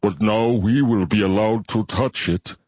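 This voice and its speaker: A man voicing a large alien bivalve creature in an audiobook, speaking slowly and precisely like a lecturer. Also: lowish voice, darkish tone, no room sound. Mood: lecturing.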